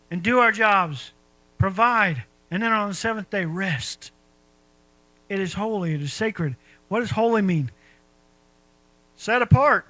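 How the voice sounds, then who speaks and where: A middle-aged man delivers a sermon in a high, bright voice. He preaches in a folksy, conversational way, tossing rhetorical questions at the congregation. The sound is dry and close, with no room echo. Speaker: pastor.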